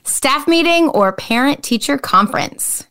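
High, bubbly woman host. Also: expressive, unhurried, bright, forceful tone. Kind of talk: casual chat, quick-fire questions.

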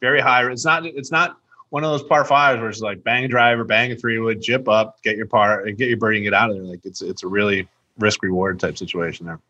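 Bright-toned man in casual golf chat. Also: lowish voice, fairly even intonation, fairly quick, muffled recording. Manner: rambling, lots of restarts and "like". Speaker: podcast co-host.

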